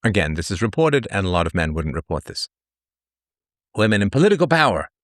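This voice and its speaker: A man's voice: on the low side, very animated, fairly quick, no room sound, clean studio sound. A man hosting a livestream monologue, reading statistics and repeating his phrases for emphasis. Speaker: livestream host. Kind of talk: commentary monologue.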